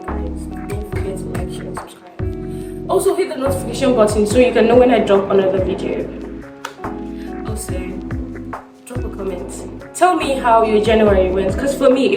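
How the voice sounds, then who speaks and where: A young adult woman vlogging in a casual sit-down chat, telling stories and acting out conversations. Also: mid-range voice. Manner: chatty storytelling, acts out conversations. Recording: roomy sound from a distant mic with music.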